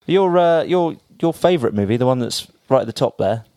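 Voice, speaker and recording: A man's voice: mid-range voice, lively intonation, fairly quick, dark tone, no room sound. A man co-hosting a podcast, chatting casually and jokingly as he reads entertainment news from his notes. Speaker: podcast co-host. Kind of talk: casual chat.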